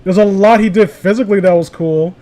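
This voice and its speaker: A man's voice: high voice, brisk, warm tone. A young man reading fan fiction aloud with sarcastic, swearing comedic commentary. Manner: sarcastic, swears, laughs, mock voices for quotes.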